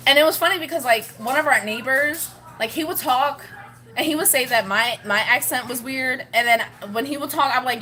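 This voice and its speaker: Chatty woman vlogger, slightly high voice. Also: moderate pace, pushed and bright. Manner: rambling and chatty, laughs often. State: pregnant, with morning sickness. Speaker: family vlogger. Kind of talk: casual chat to camera.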